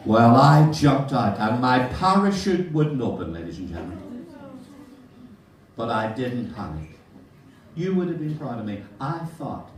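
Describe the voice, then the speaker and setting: A man's voice: mid-range voice, sing-song, a little slow, long pauses, a little hiss or hum. An older man doing live stand-up, telling cheery one-liner stories to a hotel audience. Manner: cheery storyteller, addresses the audience as ladies and gentlemen. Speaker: stand-up comedian. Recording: echoey hall from far off.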